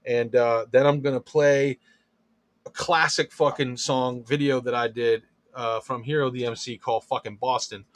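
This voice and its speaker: A man's voice: mid-range voice, steady tone, moderate pace, no echo. A man hosting a podcast in casual, loose chat, swearing freely and leaning on fillers. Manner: loose, profane, filler-heavy talk. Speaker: podcast host.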